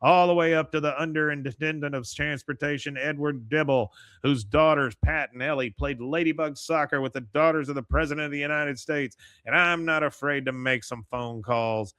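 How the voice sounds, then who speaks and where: A man's voice: on the high side, steady tone, normal speed, fairly bright tone, clear, resonant tone, no echo, close to an everyday voice. Male podcaster doing a paranoid cartoon crank, self-important, with a dry close sound. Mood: indignant. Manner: insistent, self-important declarations. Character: paranoid conspiracy-minded middle-aged man. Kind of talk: podcast recap quoting a cartoon.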